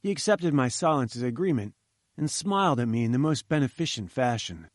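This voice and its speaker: A man reading a first-person story aloud in a measured, earnest manner. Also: medium pitch, animated, no echo, studio quality. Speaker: audiobook narrator.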